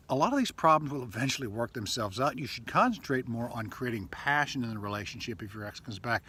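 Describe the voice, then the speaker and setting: A man's voice: mid-range voice, pushed and bright, slightly rough. A man giving relationship advice as a coach, talking loosely with fillers and acting out sample texts. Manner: conversational, loose, with frequent fillers and acted-out text examples. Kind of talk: casual advice video to camera.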